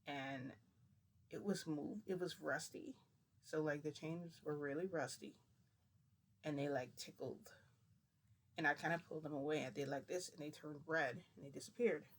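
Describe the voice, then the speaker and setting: Gravelly man rambling through a story. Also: a little high, fairly even intonation, normal speed, long pauses. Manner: rambling, retells dialogue with "I'm like". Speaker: vlogger. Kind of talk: casual storytelling.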